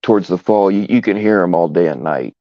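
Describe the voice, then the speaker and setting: A man hosting a live stream, chatting casually in a halting, laid-back way with many fillers. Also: low-pitched, lively intonation, dry recording, highs cut off. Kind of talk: casual chat.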